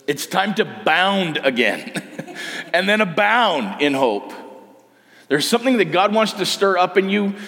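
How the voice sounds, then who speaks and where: A man preaching a sermon at a camp, urging his listeners with earnest, repeated phrases. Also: fairly high pitch. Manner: earnest, repetitive exhortation. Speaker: camp speaker. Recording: long hall reverb.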